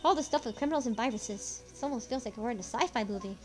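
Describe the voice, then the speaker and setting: A woman plays an earnest young defense lawyer in a game playthrough. The voice is fairly high and questioning. Faint music runs behind. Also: fast, natural voice. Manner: thoughtful, questioning. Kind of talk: fan voice-over of a game.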